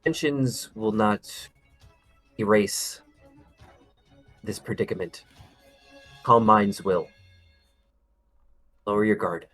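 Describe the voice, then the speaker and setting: A man voicing a calm, measured adventurer who speaks slowly and solemnly, urging restraint. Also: on the low side, no room sound, soft background music.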